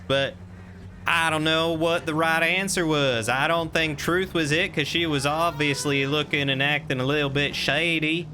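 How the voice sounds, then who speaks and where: A man's voice: on the high side, steady tone, moderate pace, sharp tone, a little hiss or hum. A man streaming a detective game, chatting casually and joking in a mock southern drawl. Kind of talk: casual gameplay commentary.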